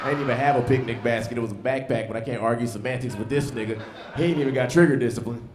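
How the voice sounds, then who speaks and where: A man doing a stand-up comedy set on a club stage, with punchy, animated storytelling and asides to the crowd. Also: mid-range voice, rapid-fire. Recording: live club with loud background noise.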